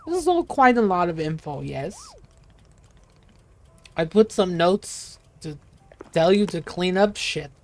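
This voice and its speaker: A woman voicing a big, gentle male tea shop keeper in a game, using a put-on foreign accent and formal, broken phrasing. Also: fairly low pitch, expressive, takes it slowly, long pauses. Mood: instructive.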